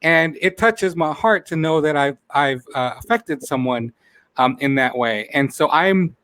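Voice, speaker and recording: A man's voice: on the high side, animated, a little slow, a bit bright, no room sound. Man, tearful talk show host, heartfelt, repeats himself, dry close sound. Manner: heartfelt, repeats phrases, says he is near tears. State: close to tears. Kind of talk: emotional live-stream chat.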